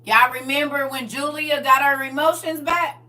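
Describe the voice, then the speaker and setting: A woman delivers a casual sermon, calling out to her listeners and coaxing answers from them. Her voice is bright and fairly high, and it reaches the mic from some distance away. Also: steady tone, moderate pace. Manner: conversational, call-and-response with congregation. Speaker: preacher. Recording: voice from far off the mic.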